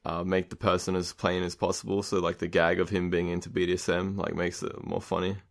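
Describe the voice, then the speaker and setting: Deep gravelly man rambling with fillers. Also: level tone, brisk. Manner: rambling, heavy use of filler "like", laughs often. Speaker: guest game designer. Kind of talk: casual podcast brainstorm.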